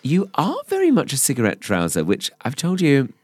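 A man's voice: medium pitch, huge pitch swings, fairly quick, breathy edge, no room sound. An English man co-hosting a comedy podcast, chatting playfully and slipping into posh put-on voices. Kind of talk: casual chat.

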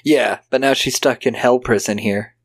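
A man's voice: mid-range voice, fairly even intonation, moderate pace, husky. A man co-hosting a podcast, retelling a film's plot in casual chat. He mimics the characters' lines and swears freely. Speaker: podcast co-host. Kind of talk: casual film-recap chat.

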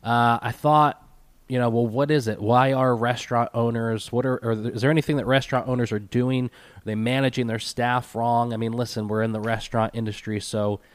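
This podcast host opens his solo show casually, his mid-range voice brisk and fairly even in intonation, with no room sound. A cold leaves him sounding stuffy and nasal as he wanders off on tangents and pokes fun at himself.

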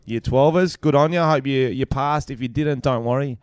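A young Australian man tells a story on his podcast in a loose, easy way, full of swearing and quoted voices. His voice is smooth and resonant. The recording is dry and close. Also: mid-range voice, normal speed, no room sound. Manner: laid-back, swears freely, tells stories with quoted voices. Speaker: podcast co-host and musician. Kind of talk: casual chat.

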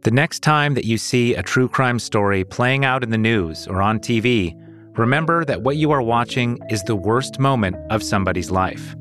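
A man co-hosting a podcast, reading scripted narration in a measured, earnest way. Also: on the low side. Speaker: podcast co-host.

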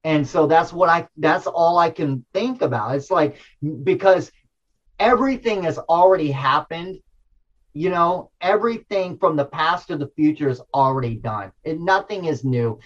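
Guy guest spinning a wild story, excited, lots of "dude" and restarts, kinda muffled recording. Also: a little high, normal speed. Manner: animated, slangy, restarts a lot. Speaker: interview guest. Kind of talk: casual storytelling.

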